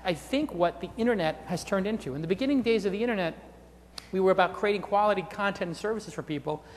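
Keynote speaker, male, middle-aged; slightly high voice, blunt and irreverent, sarcastic asides; long hall reverb. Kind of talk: conference keynote talk. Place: large convention hall.

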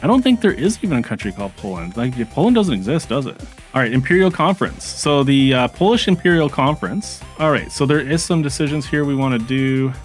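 A man's voice: mid-range voice, lively intonation, brisk, soft background music. A man casually commenting on his strategy game stream, chatting with viewers and reacting as he goes, with frequent fillers and restarts.

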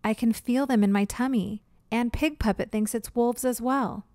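Stubborn young girl, high and insistent, read by a woman, dry close sound. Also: moderate pace, dark tone, dry recording, natural voice.

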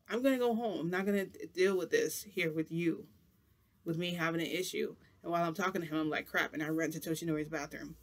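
A man telling a rambling story in a casual, animated way, with frequent restarts and bursts of laughter. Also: sits high, fairly quick. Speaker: vlogger.

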